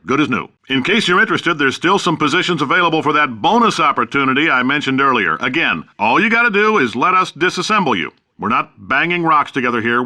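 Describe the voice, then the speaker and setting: A man's voice: fairly high pitch, sharp tone, full character voice. An actor playing a brash, boastful middle-aged company boss with sarcastic salesman's patter in a video game. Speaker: company founder and CEO.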